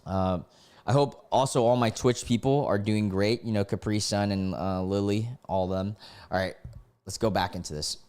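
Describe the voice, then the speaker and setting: A man's voice: lowish voice, steady tone, moderate pace, a little mellow, clear, resonant tone. A man streaming live, reading stories aloud and breaking off to react and greet his chat.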